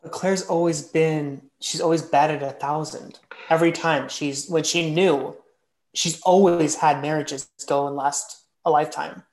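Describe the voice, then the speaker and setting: A man's voice: on the high side, fairly even intonation, unhurried, a little mellow. Laid-back joking man, roomy sound. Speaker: podcast co-host. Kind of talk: casual podcast chat. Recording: roomy echo.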